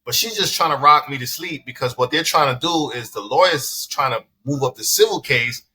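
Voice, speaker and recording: A man recounts a story in a relaxed interview, his voice bright and forceful at a middling pitch. He plays every part of each exchange himself and swears without holding back. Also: a little fast, slight background noise. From the Bronx, New York. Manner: animated storyteller who acts out both sides of a dialogue, swears freely. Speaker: dispensary owner, podcast guest.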